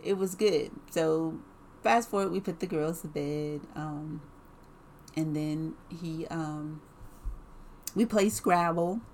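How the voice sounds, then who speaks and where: Woman, fairly low voice, casual storytelling, animated, chatty with fillers and laughs. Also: slow pace, a little hiss or hum.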